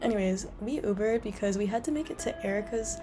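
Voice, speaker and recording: A woman's voice: mid-range voice, fast, noisy background. A young woman telling a travel story as a voice-over, chatty and full of fillers. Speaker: travel vlogger.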